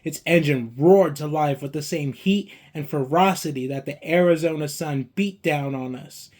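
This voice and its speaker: Guy reading an audiobook in first person, coarse folksy storytelling, slightly high voice. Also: moderate pace, darkish tone. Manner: gritty, colloquial storytelling with a coarse folksy edge. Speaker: audiobook narrator.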